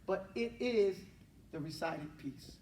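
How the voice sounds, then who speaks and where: A man with a high, expressive, darkish voice teaches a Quran class, correcting pronunciation and modeling sounds slowly for students to repeat again and again. Heard from a distant mic in an echoey classroom with slight background noise, the recitation drill has the class audible.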